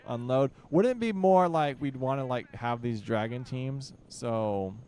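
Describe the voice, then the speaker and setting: A young man talks through a strategy match in a relaxed, joking way, repeating orders to his units and complaining when things go wrong. His voice is smooth and clear, sitting at an ordinary middle pitch. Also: a little slow. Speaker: gaming channel host. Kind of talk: casual gameplay commentary.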